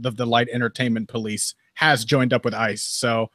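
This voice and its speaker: A man's voice: medium pitch, level tone, moderate pace, a bit bright, slight background noise. A man co-hosting a podcast, giving loose, jokey, profane fight analysis in casual conversation.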